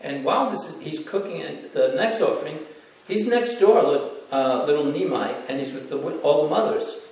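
A man giving a devotional storytelling lecture, animated and acting out voices from the stories, in a temple hall. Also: fairly high pitch, normal speed. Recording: echoey hall, distant mic.

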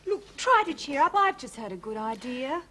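Cheeky young daughter, chirpy, quick-witted, bright lively voice. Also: female voice, high voice, slight background noise, full character voice. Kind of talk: 1980s studio sitcom acting.

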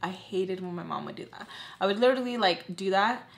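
A woman's voice: medium pitch, fairly quick, vocal fry. Twenties woman vlogging a storytime, super candid, lots of likes and cussing. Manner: candid, rambling, swearing, many fillers. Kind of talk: casual storytime vlog.

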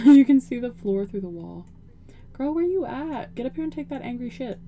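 Lively, profane young woman gaming. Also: on the high side, normal speed, slight background noise. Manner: profane, joking, talks to her character. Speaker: gaming video host. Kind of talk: casual gameplay commentary.

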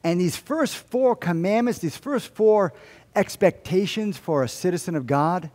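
Preaching in a church sanctuary, a pastor tells humorous stories and acts out the lines of the people in them. His high-pitched voice runs a little slow, with a long reverb tail.

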